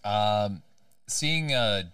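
A man's voice: fairly low pitch, very slow, distant mic, very noisy. A man playing in a tabletop game, speaking hesitantly with many fillers and reading his character's rules aloud. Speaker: player. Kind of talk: casual tabletop play.

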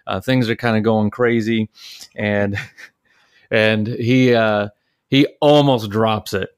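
A man's voice: fairly low pitch, fairly even intonation, slow, clean tone, no room sound, clean studio sound. A man from Detroit, a podcast host and father, telling family stories in a casual, rambling way with many fillers and restarts. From Detroit, Michigan, USA. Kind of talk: casual storytelling chat.

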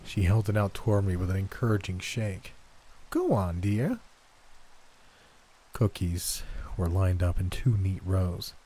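A man reading a horror story aloud in a slow, tense, dramatic way. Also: deep voice, level tone, mellow. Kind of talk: scripted narration.

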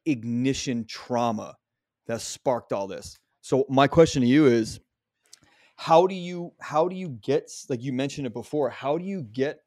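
A man hosting a casual interview, blunt and quick with his questions, swearing freely. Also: mid-range voice, a little mellow, no echo, studio quality. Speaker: podcast host.

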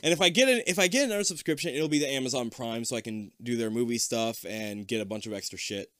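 A young man co-hosting a podcast, chatting casually and reading a kids' book aloud, animated and swearing freely. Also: mid-range voice, fast, no room sound, clean studio sound. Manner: animated, swears freely, goes loud when upset.

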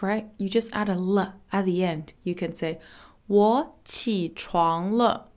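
A woman teaching Mandarin in a lesson podcast, explaining chatty and repeating words slowly and clearly. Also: mid-range voice.

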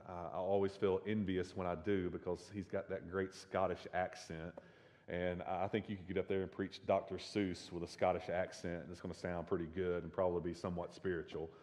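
A man's voice: deep voice, darkish tone, in a large hall. A man with a Southern drawl preaching a sermon as pastor, earnest and building in force, with many restarts. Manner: earnest, repeats words when restarting, rises in force at climaxes.

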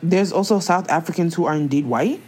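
A young woman in casual chat, talking in an animated, slangy, expressive way. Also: on the low side, fairly quick, breathy edge.

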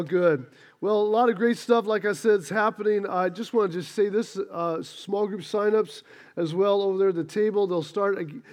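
A man's voice: high-pitched, darkish tone. A man preaching a sermon, folksy and storytelling as he rallies the congregation. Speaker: pastor. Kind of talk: sermon with announcements and stories.

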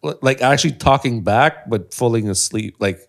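A man in his thirties co-hosting a podcast, telling stories in an animated way and laughing often. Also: mid-range voice, normal speed, creaky. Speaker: podcast co-host. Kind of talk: casual chat.

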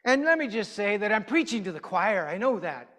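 A man's voice: high-pitched, big pitch swings, fairly quick, bright, forceful tone. A man preaching a conversational sermon, chatty and quizzing his congregation with questions. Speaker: pastor. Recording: long hall reverb.

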